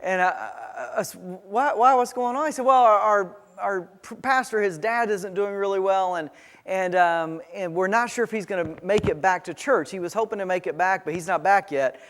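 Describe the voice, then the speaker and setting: A male pastor preaching a sermon, telling a personal story in a halting way, full of restarts and fillers. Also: high voice, a bit bright. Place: church sanctuary. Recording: church sanctuary with long reverb.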